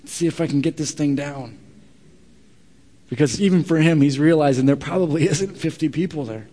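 A man preaching a sermon, telling a scripture story with lively acted-out dialogue and quieter earnest asides. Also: on the high side, fairly quick. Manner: animated storytelling, acts out dialogue loudly then drops to quiet earnest asides. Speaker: pastor. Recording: long reverb of a large hall.

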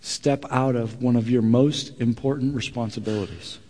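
A man delivers a sermon in a large church hall, his voice trailing into a long reverb. He tells the story with animated, acted-out dialogue, then drops into quieter, earnest asides to the congregation. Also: mid-range voice, moderate pace. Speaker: pastor.

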